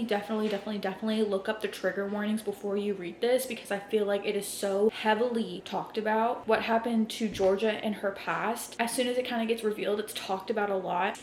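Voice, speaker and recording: A woman's voice: fairly high pitch, a little mellow, a little hiss or hum. A young woman in a casual reading vlog, emotional and dramatic, swearing freely as she reacts to a book. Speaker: book vlogger.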